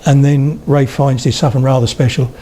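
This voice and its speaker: This is a public talk before a live crowd of about eighty, where an older man who lectures on spoken English tells stories conversationally and keeps checking in with the audience. His medium-pitched voice is steady, mellow, and a little fast, with slight hiss or hum in the background.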